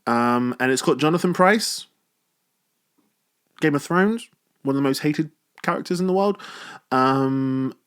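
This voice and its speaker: Chatty, animated man reviewing a film. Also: medium pitch, unhurried, pauses often, smooth. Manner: animated, chatty, self-mocking. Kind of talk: casual spoken film review.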